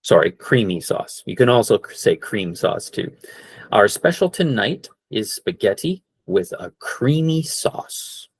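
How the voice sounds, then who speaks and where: A man teaching an online English class, slowly repeating each word and checking in with "okay?". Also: fairly low pitch, big pitch swings, breathy edge, dry recording. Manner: slow, repeats words for practice, frequent "okay?".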